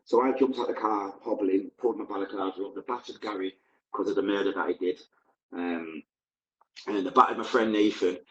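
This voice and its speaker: A man's voice: fairly low pitch, fairly even intonation, brisk, fairly bright tone, reverberant, highs cut off. A man, a podcast guest, recounting his past in a candid, vivid, blunt present-tense way. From Manchester, England. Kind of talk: personal storytelling.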